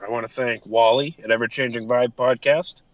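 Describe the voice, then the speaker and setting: A man's voice: mid-range voice, fairly even intonation, a little fast, no room sound. A man co-hosting a podcast, casually swearing while reading out thank-yous. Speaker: podcast co-host. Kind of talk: casual chat. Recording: dull dry lo-fi mic.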